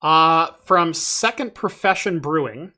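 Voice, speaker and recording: Man, podcast host, casual chat, bright tone, somewhat high pitch, filler-heavy. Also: animated, slow pace. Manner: laid-back, chatty, frequent fillers.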